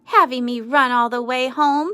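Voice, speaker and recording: A woman voicing a cheerful, earnest, literal-minded grown woman in a read-aloud storybook, in a chirpy high voice. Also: normal speed, bright, forceful tone, clear, resonant tone, dry recording. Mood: cheery.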